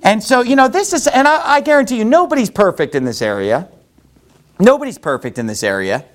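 A man's voice: high voice, sing-song, fairly quick. A man preaching in a loose, conversational way, rambling with many restarts and folksy asides. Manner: rambling, folksy, heavy with "you know" and restarts. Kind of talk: conversational sermon.

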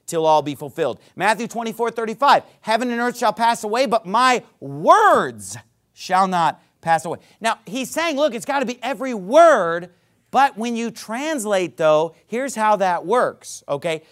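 A man's voice: high voice, sing-song, moderate pace, a bit bright. A man preaching a sermon. He teaches in an emphatic, conversational way, often checking in with "okay?" and "right?".

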